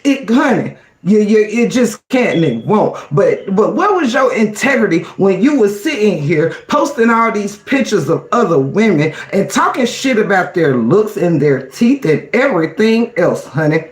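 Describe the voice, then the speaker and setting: Sassy, high-voiced man in an echoey room. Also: very animated, normal speed, hardly any pauses. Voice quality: sassy, emphatic, calls listeners honey and girl. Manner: reads chat aloud and greets viewers. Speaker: livestream host. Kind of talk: casual livestream commentary.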